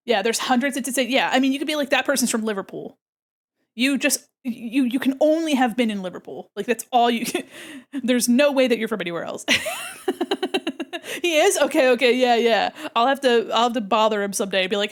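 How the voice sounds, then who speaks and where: A woman's voice: a little high, lively intonation, brisk. An American woman streamer and illustrator, chatting casually and bubbly with her viewers while she draws. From United States. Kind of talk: casual live-stream chat while drawing.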